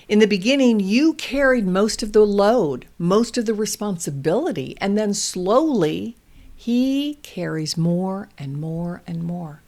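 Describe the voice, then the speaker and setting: A woman hosting a parenting show, giving calm, deliberate instructional advice to parents. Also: mid-range voice. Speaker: parenting host.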